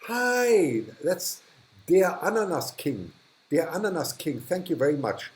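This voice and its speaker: A man's voice: on the high side, very animated, unhurried, poor audio. A man hosting a live stream from a hot, humid indoor room, chatting casually as he reads and thanks viewers, often restarting sentences and chuckling. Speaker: livestream host.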